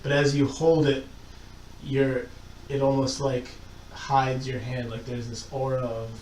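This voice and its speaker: A man's voice: medium pitch, level tone, measured pace, darkish tone. A young man running a tabletop game as game master, rambling with many fillers. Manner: rambling, full of "like" fillers, laughs often. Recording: echoey room, far mic, noisy.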